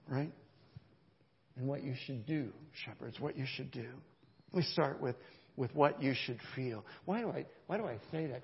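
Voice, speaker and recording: A man preaching a sermon as pastor, emphatic, swelling louder on key points and often checking in with "right?". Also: fairly high pitch, creaky, big-room sound, muffled recording. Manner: emphatic, rises in volume for key points, frequent "right?" asides. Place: church sanctuary.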